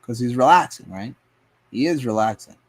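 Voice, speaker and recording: A man's voice: medium pitch, expressive, moderate pace, husky. A man live streaming as he paints, rambling to himself and his chat in a casual, profane way. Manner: rambling, talks to himself and chat, swears often.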